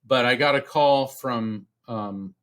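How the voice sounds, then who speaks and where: A middle-aged man from Central Florida tells a personal story as a podcast guest. His voice sits at an ordinary middle pitch. He talks earnestly, stops and restarts often, and acts out the voices he quotes. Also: slow pace, fairly bright tone. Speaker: podcast guest, psychic medium. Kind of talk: storytelling in a casual interview.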